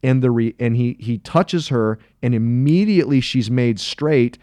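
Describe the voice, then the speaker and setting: Earnest rambling man, mellow voice. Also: mid-range voice, unhurried, no echo. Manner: rambling, self-correcting, earnest. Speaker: podcast co-host. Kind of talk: casual Bible discussion.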